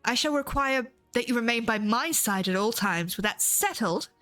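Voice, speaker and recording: A stern, commanding female admiral, read aloud by a woman in archaic, formal phrasing. Her voice sits a little high. Quiet game music plays underneath. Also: animated, normal speed. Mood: firm. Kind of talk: reading game dialogue aloud.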